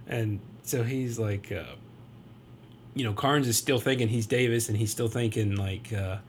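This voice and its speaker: A man's voice: medium pitch, normal speed, slight background noise. Casual man recapping a movie. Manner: loose retelling with quoted lines and fillers. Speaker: podcast host.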